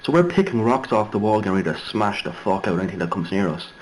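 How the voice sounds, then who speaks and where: Low-voiced Irish man rambling a story. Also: big pitch swings, quick pace, a little hiss or hum, rough recording. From Ireland. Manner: rambling, digressive, many fillers and restarts. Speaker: vlogger. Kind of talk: casual storytelling.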